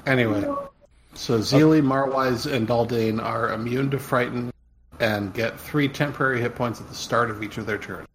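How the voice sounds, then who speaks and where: A man's voice: mid-range voice, fairly even intonation, slight background noise, poor audio. A man playing a tabletop game, correcting himself as he talks. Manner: halting, self-correcting. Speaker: player. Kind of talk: casual tabletop game play.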